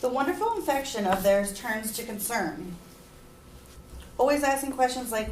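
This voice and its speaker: A woman's voice: a little high, animated, normal speed, long pauses, a little hiss or hum. A woman giving an earnest persuasive speech, at times emotional. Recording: echoey room, mic far off.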